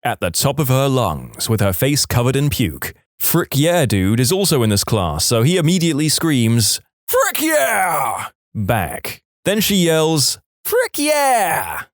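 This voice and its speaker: A man narrating internet stories for a podcast in a scripted, animated reading style. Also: mid-range voice, normal speed, hardly any pauses, no echo, clean studio sound. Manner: animated reading, shouts quoted lines.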